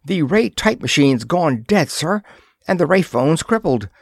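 Brief: a panicky young male clerk in a sci-fi audiobook, breathless and high-pitched, as the narrator puts him on, with lively jumps in tone. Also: unhurried, dry recording, heavily acted. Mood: panicked. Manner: breathless, gasping, fearful.

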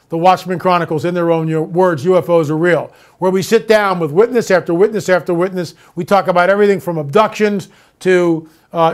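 A man hosting his own show, talking in an emphatic, mocking way and dropping to a hush for the tense parts of a story. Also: sits high. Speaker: show host. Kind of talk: opinionated monologue and storytelling.

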